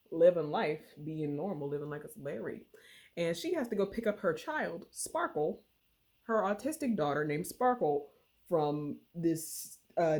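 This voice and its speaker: A woman's voice: sits low, a little mellow. A woman casually retelling a book's plot in a slangy, chatty way full of fillers. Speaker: book reviewer. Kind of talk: casual book recap.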